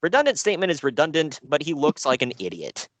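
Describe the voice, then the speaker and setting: Animated sarcastic man on a podcast. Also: fairly high pitch, fast, dry recording. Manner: sarcastic, animated, laughs often. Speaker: podcast co-host reviewing wrestling shows. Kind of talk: casual podcast chat.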